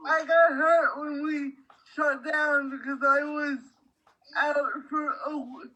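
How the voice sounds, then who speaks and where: A woman taking part in a group discussion, speaking hesitantly and haltingly. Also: high voice, flat delivery, pushed and bright, rough recording. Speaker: group participant.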